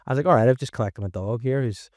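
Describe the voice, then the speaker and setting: Fast-talking Northern Irish podcast host. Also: male voice, mid-range voice, darkish tone, no echo, studio quality. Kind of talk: casual comedy podcast chat.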